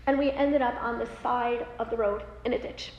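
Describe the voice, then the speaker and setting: Woman in her thirties, high voice, animated storytelling, roomy echo, dull lo-fi sound. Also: normal speed. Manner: animated, many fillers, acts out quoted voices. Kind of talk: personal story told aloud. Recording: roomy hall with long reverb, dull lo-fi sound, faint noise.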